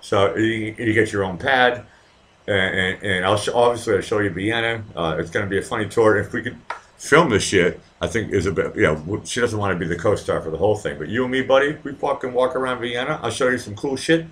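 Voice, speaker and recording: A man with a slightly low voice and a faint Boston accent talks casually to his live stream viewers. He rambles, curses freely and speaks straight to individual viewers. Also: a little fast, a bit bright. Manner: rambling, profane, chatty with viewers. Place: home in Vienna.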